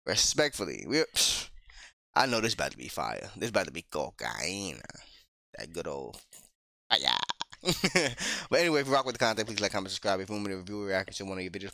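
A man hosting a music reaction, talking in slang and laughing often. His very bright voice swings lively up and down, recorded close and dry. At times he drops to a whisper. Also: no echo. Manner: sometimes lowers his voice to a whisper. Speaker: reaction video host. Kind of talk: casual music reaction commentary.

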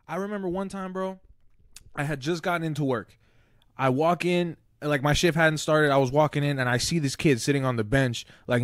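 A man's voice: fairly high pitch, no room sound, clean studio sound. A man co-hosting a podcast, telling stories in casual chat with lots of swearing and quoted dialogue. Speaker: podcast co-host; former casino security worker.

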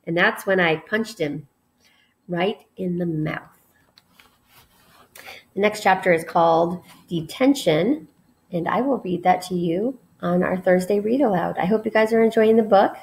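A woman, a teacher, reading a children's novel aloud to her class in an expressive, friendly way. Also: fairly low pitch, measured pace. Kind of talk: storybook read-aloud narration.

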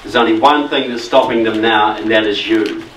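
A man's voice: fairly low pitch, normal speed, fairly bright tone, a little hiss or hum. A man from New Zealand with a New Zealand accent, giving a conversational but emphatic public talk as guest speaker. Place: meeting hall. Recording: echoey hall, mic from far off.

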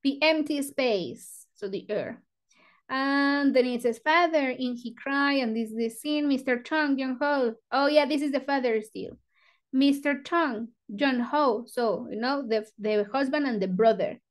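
High-voiced woman teaching English. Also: a little slow. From Mexico. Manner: chatty, loose, full of "you know, like" fillers. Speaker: book club teacher. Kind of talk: reading aloud and explaining vocabulary.

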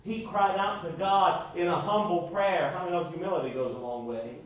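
High-voiced preacher in a very echoey hall. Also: male voice, brisk. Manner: emphatic preaching with rhetorical questions to the congregation. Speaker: pastor. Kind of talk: sermon. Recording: far-off echoey church recording.

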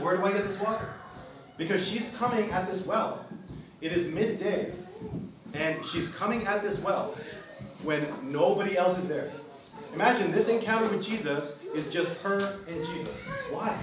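A man from the Philippines, preaching to a live group as pastor and host. He is emphatic and keeps repeating his key phrases. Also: sits high. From Philippines (Kapampangan). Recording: echoey room, distant mic, background noise.

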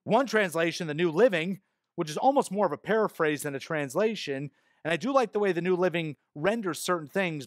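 A man's voice: no echo, clean studio sound. A male pastor delivering an expository sermon in a church, earnest, with self-deprecating asides. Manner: hushed, low prayer voice. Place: church sanctuary.

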